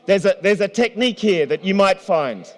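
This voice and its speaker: A man moderating a conference panel in a large hall, energetic and playful, often restarting his sentences. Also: high-pitched, normal speed, a faint crowd.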